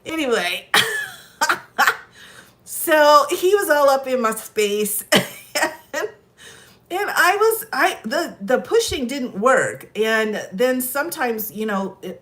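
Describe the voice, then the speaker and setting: A middle-aged woman with an American accent holds the floor in casual chat. She laughs often, her voice sitting at an ordinary mid pitch as she animatedly tells her tales. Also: animated, a little slow, a bit bright. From United States. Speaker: host.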